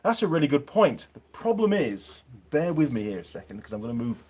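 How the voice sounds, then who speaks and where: A man's voice: on the high side, big pitch swings, fairly quick, heavy background noise. A man with a Yorkshire accent chatting casually on a live stream from his home workshop, reading out viewer comments with plenty of ums.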